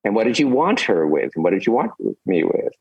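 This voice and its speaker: An older man voicing a patient, wise male spiritual teacher who questions his disciple calmly and gently. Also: lowish voice, brisk, husky, dry recording, muffled recording, full character voice. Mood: probing.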